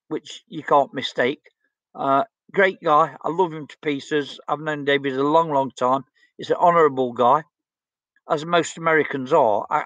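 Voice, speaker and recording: Reading viewer comments on his stream, this blunt, outspoken English livestream host in his 60s chats casually. His fairly high voice sounds a bit bright, and the lo-fi audio carries no room sound.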